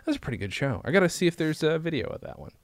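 A man hosting a podcast in casual comedic chat, sarcastic and animated as he tells stories. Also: fairly high pitch, very fast. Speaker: podcast host.

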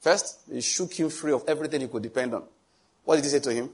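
A man's voice: mid-range voice, fast talker, slightly rough. A man preaching a sermon emphatically and asking the congregation questions. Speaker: pastor.

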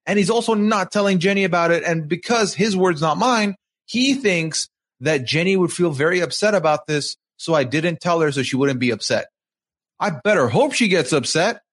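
A man's voice: high-pitched, a bit bright. A man co-hosting a podcast over a video call, recapping reality-show events and adding emphatic, outraged commentary. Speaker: podcast co-host.

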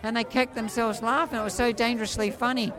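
A man in his forties with an Australian accent and a high voice often mistaken for a woman's, rambling through stories in an animated, playful way. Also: fast talker. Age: 40s. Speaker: street performer jester. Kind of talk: casual storytelling interview. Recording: faint crowd outdoors.

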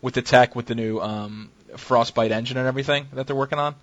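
A man's voice: medium pitch, steady tone, fast talker, no room sound. A young man hosting a gaming podcast in casual chat, joking and rambling. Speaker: podcast host. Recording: dull lo-fi sound.

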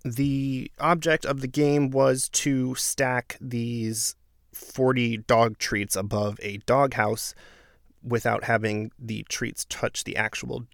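A man's voice: mid-range voice, slow pace, vocal fry, no room sound, clean studio sound. A man giving a casual, sarcastic recap of a reality show, sometimes exasperated. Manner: exasperated, sarcastic, animated outbursts.

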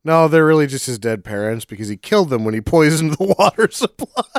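A man's voice: a little high, very animated, a little fast, no echo, studio quality. A man chatting casually as a podcast co-host, sarcastic and crude, acting out movie scenes. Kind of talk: casual movie-riffing chat.

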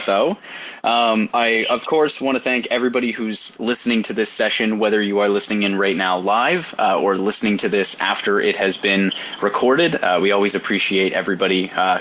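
A man hosting a live audio discussion, relaxed and rambling with frequent fillers. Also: on the low side, low-quality recording. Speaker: host.

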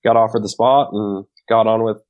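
A loud, outgoing man telling a casual story as a podcast guest, with a wisecracking edge. His voice is low and fairly monotone, and the sound is muffled and lo-fi. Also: normal speed. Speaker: podcast guest, competitive shooter.

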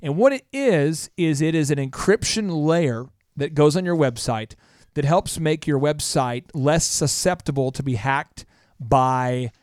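A male podcast host and business coach who talks in an energetic, rambling way and explains things with analogies. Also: on the high side, measured pace, no room sound, studio quality. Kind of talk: casual podcast chat.

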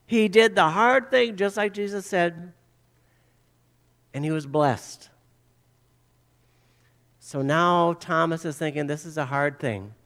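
High-voiced male pastor telling stories. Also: fairly bright tone. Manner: storytelling, acts out quoted voices; repeats phrases for emphasis. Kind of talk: sermon.

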